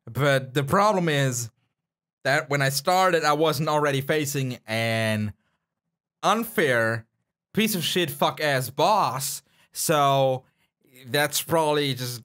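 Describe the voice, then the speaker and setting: A man's voice: on the high side, animated, takes it slowly. A young man doing gameplay commentary while eating hot peppers, pained and coughing, swearing and groaning. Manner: swearing, yelling and groaning in pain. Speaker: gaming YouTuber.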